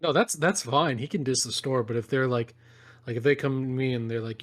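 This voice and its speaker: A man's voice: mid-range voice, brisk. A young man co-hosting a casual comedy podcast, ranting with lots of swearing and mock outrage. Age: young adult. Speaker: podcast co-host.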